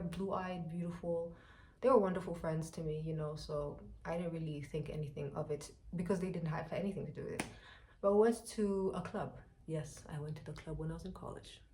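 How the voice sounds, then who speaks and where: A young woman from Rwanda, telling a personal story to her viewers in an animated, chatty way. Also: fairly low pitch, slight background noise. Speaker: vlogger.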